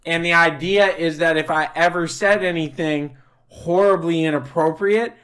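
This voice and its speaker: A man's voice: a little high, normal speed, clean tone. A young man co-hosting a podcast in casual comedic chat, laughing often and telling crude stories. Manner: laughs often, crude jokes, animated storytelling. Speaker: podcast co-host.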